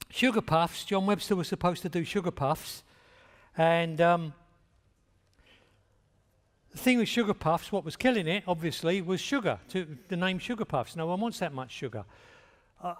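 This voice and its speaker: An older man giving an anecdotal talk, telling stories in a plain, direct way. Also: sits high. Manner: plainspoken storytelling. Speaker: speaker at a talk. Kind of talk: anecdotal lecture. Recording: long reverb of a large hall.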